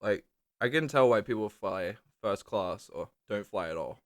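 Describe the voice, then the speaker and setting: Sitting under a lamp in a small indoor room, an Australian vlogger rambles through profanity-heavy travel stories for the camera, leaning hard on "like." He's a young man with a fairly low, expressive voice at a moderate pace, captured in studio quality without room sound.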